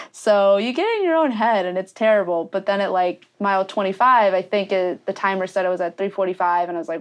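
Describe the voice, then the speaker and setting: A woman's voice: medium pitch, brisk, few pauses. A young woman guest in a podcast interview, chatty and laughing often as she acts out her own thoughts. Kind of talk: casual storytelling interview.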